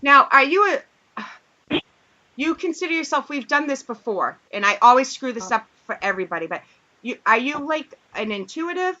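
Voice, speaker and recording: A woman's voice: high-pitched, big pitch swings, moderate pace, sharp tone. A woman hosting a casual internet radio chat show, joking around and reading out chat comments. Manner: joking, chatty, reads chat comments aloud. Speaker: podcast host. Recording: dull lo-fi internet radio audio.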